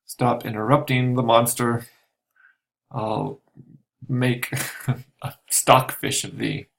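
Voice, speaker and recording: A man's voice: mid-range voice, steady tone, slow, creaky, a bit bright. A man reading the lines of a drunken, bossy butler, blustering and threatening.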